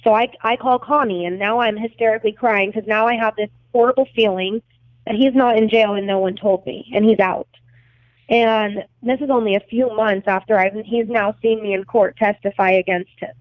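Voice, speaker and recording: A woman's voice: mid-range voice, steady tone, normal speed, no room sound. A young adult woman recounting events as a podcast guest, blunt and agitated, swearing heavily. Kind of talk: emotional storytelling interview. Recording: tinny phone-like line, dry.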